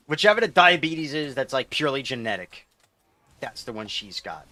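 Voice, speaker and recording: A man's voice: mid-range voice, lively intonation, quick pace, pushed and bright, dry recording. A man streaming a game, chatting casually with viewers in a rambling, loose way and reading chat aloud.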